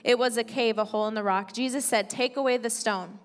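A woman pastor gives a conversational sermon and reads scripture aloud between her points. Her voice sits a little high, with a long church-hall reverb. Faint music plays underneath. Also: steady tone, brisk. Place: church sanctuary.

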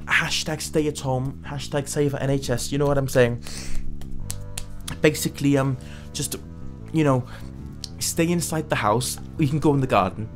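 A man playing a crude, irreverent nun who hosts a comedy web show, talking with a British accent in a rambling, deadpan, sweary monologue. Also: medium pitch, lightly acted. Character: irreverent crude middle-aged nun host. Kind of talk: scripted comic monologue.

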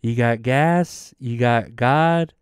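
A young man putting on a rough impression of a blustering older politician giving a rally speech. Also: medium pitch, slow, no echo, studio quality, lightly acted. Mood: pompous.

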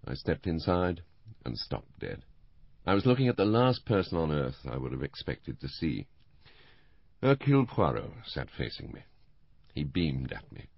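Deep male narrator, measured first-person storytelling, lively delivery, muffled sound. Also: creaky, no room sound. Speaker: audiobook narrator. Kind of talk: audiobook narration.

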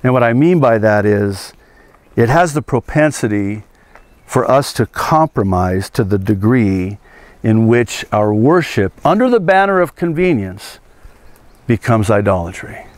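Pastor preaching slow and animated, dry close sound, does little voices for the bible guys. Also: male voice, lowish voice, no room sound. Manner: animated, acts out voices of biblical figures; laughs at his own jokes. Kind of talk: outdoor teaching sermon. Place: outdoors at an archaeological site.

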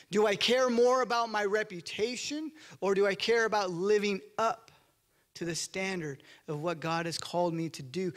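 High-pitched guy preaching in church, chatty storytelling, acts out the quotes. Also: fairly bright tone. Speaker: pastor. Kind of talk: sermon.

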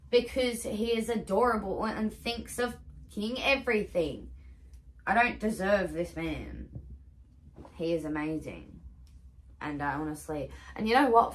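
Gushing young woman vlogging. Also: on the low side. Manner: gushing, chatty, swears casually. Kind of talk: casual haul vlog chat.

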